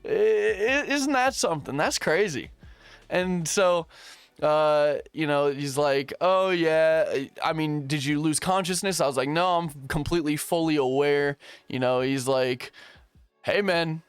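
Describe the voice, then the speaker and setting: A young man telling a story casually, slangy and animated, playing out his own past lines. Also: on the high side, a little slow, clear, resonant tone, no echo, faint music behind.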